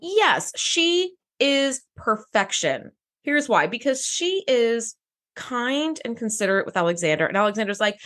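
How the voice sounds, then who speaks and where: A woman co-hosting a podcast in casual chat, animated and swearing freely as she acts out quotes. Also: a little high, a little slow. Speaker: podcast co-host.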